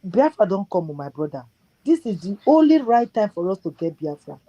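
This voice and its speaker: A woman with a Nigerian accent calling in to a show and talking in excited, repetitive Pidgin. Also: medium pitch, fairly quick, no echo, dull audio. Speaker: caller. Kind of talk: call-in chat.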